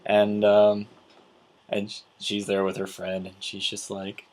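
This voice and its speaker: Low husky-voiced man telling stories. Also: expressive, a little slow. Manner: rambling, with many restarts and acted quotes. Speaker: vlogger recapping a convention. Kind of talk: casual storytelling.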